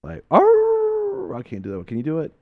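A man's voice: mid-range voice, lively intonation, very fast, vocal fry, no room sound, phone-quality sound. A man hosting a radio talk show, telling a story with laughs and acted-out quotes, then drawing a faith lesson from it.

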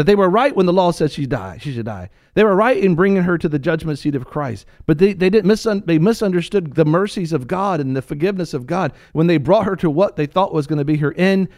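A man preaching a sermon with passion, swinging between hushed lines and loud ones, addressing his listeners directly as sir and ma'am. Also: on the high side, no room sound, clean studio sound.

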